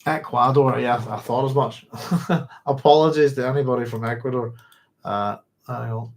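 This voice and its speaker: Male host, casual chatty rambler who laughs often, middle pitch. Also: steady tone, moderate pace, creaky, darkish tone, rough recording. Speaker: book club host. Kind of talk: casual book talk.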